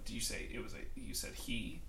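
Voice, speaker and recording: A man's voice: on the low side, fairly quick, pushed and bright, a little hiss or hum. A man co-hosting a casual podcast, joking, teasing and rambling through his thoughts. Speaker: podcast co-host. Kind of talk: casual chat. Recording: roomy echo.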